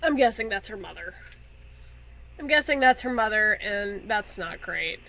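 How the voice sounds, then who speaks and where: A woman's voice: mid-range voice, expressive, normal speed, vocal fry, pushed and bright, a little hiss or hum. A young woman casually commenting on a game and reading its letters aloud with wry asides. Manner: chatty and wry, breaks off into asides while reading. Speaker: let's play host.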